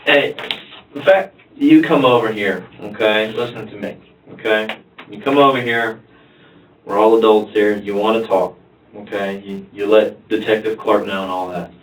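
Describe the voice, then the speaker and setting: A man with a lowish voice speaks calm and measured, asking routine questions like a seasoned detective. The sound comes from across an echoey interrogation room, with a faint hum behind. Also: recorded from a distance. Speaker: police detective. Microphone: room camera from afar.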